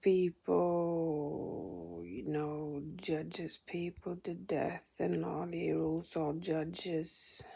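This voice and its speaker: Slow, gravelly woman vlogger. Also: sits low, mellow. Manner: indignant, swearing, partly whispered. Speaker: spiritual vlogger. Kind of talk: personal spiritual monologue.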